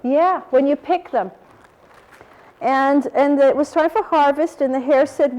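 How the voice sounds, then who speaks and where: A woman reading a picture book aloud to children, animated and asking them questions. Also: high-pitched, slow. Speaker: storyteller.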